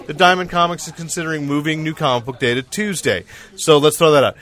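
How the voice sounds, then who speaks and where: Podcast host guy, bright punchy voice, kinda high, chatty and loose with his friends. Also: quick pace. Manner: chatty, laughing, wraps up the show. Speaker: podcast host, editor-in-chief. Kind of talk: casual group chat.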